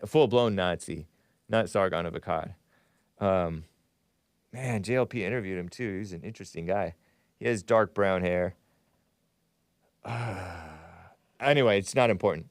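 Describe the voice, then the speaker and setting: A man's voice: sits low, a little slow, pauses often, no room sound, clean studio sound. A man hosting his own talk show, delivering a rambling, mocking monologue and laughing often. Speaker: host. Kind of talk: casual monologue.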